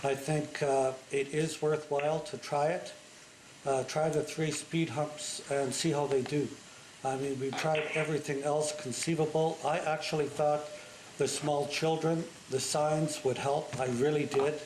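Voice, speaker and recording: A man chairing a city council meeting, brisk and with dry teasing asides, recorded in a council chamber. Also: on the high side, level tone, darkish tone, reverberant, a little hiss or hum, poor audio.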